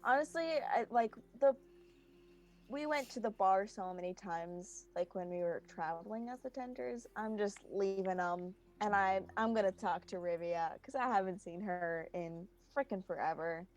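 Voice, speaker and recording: A woman's voice: medium pitch, moderate pace. A woman player chatting casually at a tabletop game, giggly and chatty.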